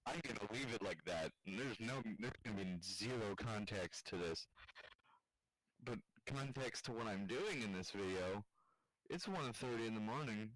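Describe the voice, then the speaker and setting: A man's voice: fairly low pitch, animated, moderate pace, a bit bright, low-quality recording. A tired young man in his bedroom late at night, rambling through improvised crude jokes and cracking up at himself. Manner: giggly, loses it laughing at his own jokes. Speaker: vlogger telling improvised jokes.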